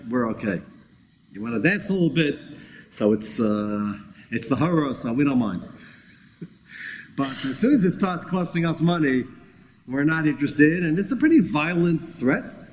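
A man's voice: on the high side, sing-song, normal speed, a little mellow, a little hiss or hum, low-quality recording. Wry man teaching a Bible class. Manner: conversational and wry, acts out quoted speakers. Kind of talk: informal Bible class lecture.

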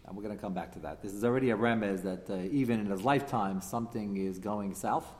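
A man teaching a text class, animated and emphatic, firing rhetorical questions at his students. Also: fairly low pitch, quick pace, in a large hall. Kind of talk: classroom lecture with discussion.

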